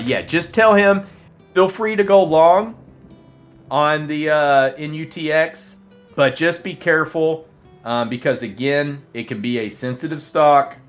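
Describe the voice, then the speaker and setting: A man's voice: mid-range voice, fairly bright tone. A man hosting a live trading stream, chatting casually and reading out viewer comments, laughing often and rambling with many restarts. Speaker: livestream trading show host.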